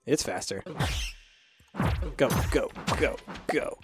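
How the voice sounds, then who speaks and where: A man recording a relaxed let's-play, talking through his choices as he goes and thinking aloud, with plenty of fillers and restarts. His voice sits at an ordinary middle pitch, and soft game music plays faintly underneath. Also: normal speed. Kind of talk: casual gameplay commentary.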